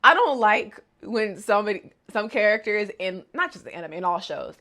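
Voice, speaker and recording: A woman's voice: mid-range voice, normal speed, a bit bright. A woman casually recapping an anime episode in a chatty, joking, slangy way.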